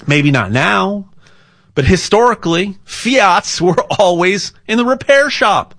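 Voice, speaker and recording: Male pitchman, slightly high voice, unhurried delivery, dry close sound, rambling and jokey. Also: animated, fairly bright tone, no echo. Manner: rambling, repeats words, jokey asides. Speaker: gold sales pitchman. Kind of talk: casual promotional talk.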